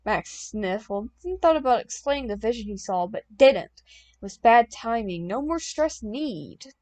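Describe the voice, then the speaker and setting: A woman's voice: medium pitch, expressive, unhurried, darkish tone. Young woman reading a silly fan story. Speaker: audiobook reader.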